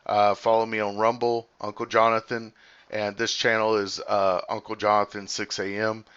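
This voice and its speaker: Low-voiced man rambling on a livestream. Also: level tone, fairly bright tone, muffled recording, a little hiss or hum. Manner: rambling, thinks aloud with many fillers; talks fast while reading comments. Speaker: livestream host. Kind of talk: casual livestream commentary.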